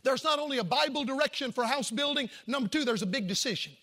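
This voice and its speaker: A man's voice: very high-pitched, animated, quick pace, sharp tone. A man preaching a folksy, emphatic sermon, with jokes and asides to the congregation. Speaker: pastor.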